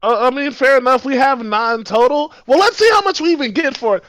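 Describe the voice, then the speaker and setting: High, lively-pitched playful player. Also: male voice, fairly quick, hardly any pauses. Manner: hyped and playful. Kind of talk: in-character tabletop play.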